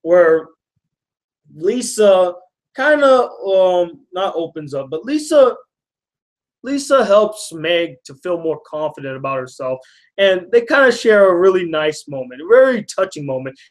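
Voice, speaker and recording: Man, high-pitched voice, casual episode review, rambling, excitable, acts out quotes. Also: a little slow. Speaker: host.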